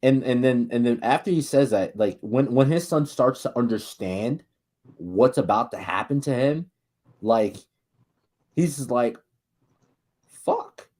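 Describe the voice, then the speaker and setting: A man co-hosting a podcast, chatting casually about movies, excitable, swearing a lot and acting out scenes. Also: medium pitch, a little slow. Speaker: podcast co-host.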